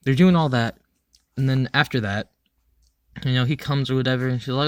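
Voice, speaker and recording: A young man casually reviewing an animated show in a crude, rambling way, full of ums and swearing. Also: mid-range voice, moderate pace, dry recording. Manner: rambling, crude, filler-heavy with frequent ums. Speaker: anime reviewer.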